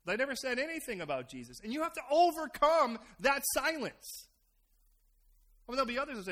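Middle-aged American male pastor, lively sermon delivery, high and bright. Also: quick pace. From United States. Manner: animated, acts out voices of others.

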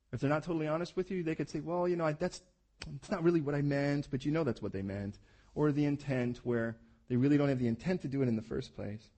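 A man's voice: medium pitch, warm tone. A man preaching a sermon in a conversational, explaining way, acting out the scripture stories as he goes. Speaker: pastor.

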